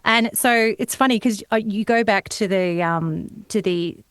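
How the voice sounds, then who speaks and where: A woman's voice: mid-range voice, a little slow, clean tone, no echo. A woman, a voiceover artist, chatting as a podcast guest in a studio and laughing easily through her anecdotes. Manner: lively, laughs often while telling anecdotes. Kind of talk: casual podcast chat.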